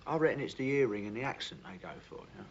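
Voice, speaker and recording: An actor playing a cheeky but decent young bricklayer who teases and calls people "love", in a TV drama. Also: male voice, mid-range voice, animated, very fast, creaky. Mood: banter. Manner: teasing, chatty, uses "love" a lot. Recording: muffled old TV soundtrack with faint hiss.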